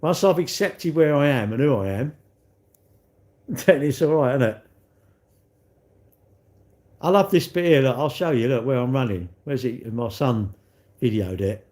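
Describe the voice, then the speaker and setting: A man's voice: medium pitch, expressive, a little slow, long pauses, darkish tone. A man hosting a live stream, chatting in a rambling, self-mocking way and answering viewers.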